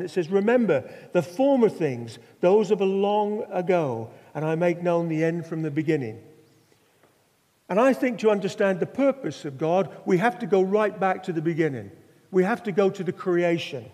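A man's voice: fairly high pitch, warm tone. Older man, preacher, storytelling sermon, rhetorical questions, reverberant church hall. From Norfolk, England.

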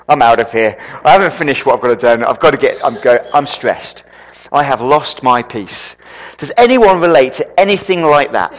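A man preaching a sermon, an animated storyteller who throws quick asides to the congregation. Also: medium pitch. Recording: long reverb in a hall.

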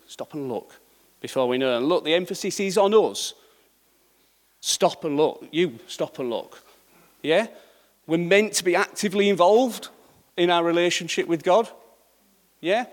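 A man's voice: on the high side, in a large hall. A middle-aged man preaching a sermon in a conversational way, often checking in with the congregation. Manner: conversational, checks in with repeated "yeah?".

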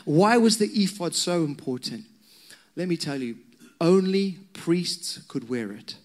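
Speaking a little slowly in a voice on the high side, a pastor preaches to his congregation. His sermon leans on lively personal anecdotes and casual remarks aimed at the listeners.

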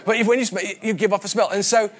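This West Midlands preacher talks quickly in a high, fairly even voice. His sermon is anecdotal and conversational, full of personal stories and frequent repetition.

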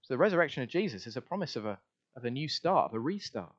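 A man's voice: mid-range voice, very animated, rapid-fire. Emphatic preacher man, dull sound. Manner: emphatic, repeats refrains, varies loudness widely. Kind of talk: sermon.

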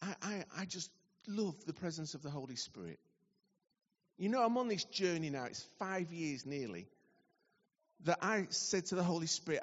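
A man giving a sermon, telling a story with lively acted-out dialogue. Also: on the high side, normal speed. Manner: animated storytelling, acting out dialogue. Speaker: preacher. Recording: dull recording in a large reverberant hall.

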